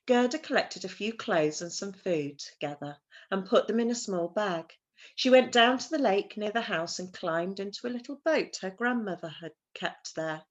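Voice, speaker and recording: A woman with a mid-range voice reads a children's story aloud at a moderate pace, in an expressive, animated way.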